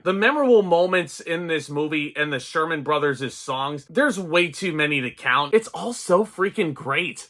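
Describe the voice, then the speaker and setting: Male film reviewer, a touch high, bright and tense tone, excited and gushing. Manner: excited, gushing, laughs at himself. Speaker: movie reviewer. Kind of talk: enthusiastic film review talk.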